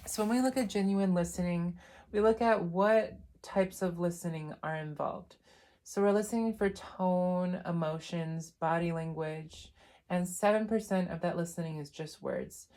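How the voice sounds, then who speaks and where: Speaking at a moderate pace in a mellow, lowish voice, a woman reads from a self-help book as part of a relaxed lesson. She keeps interrupting herself with chatty remarks and self-corrections.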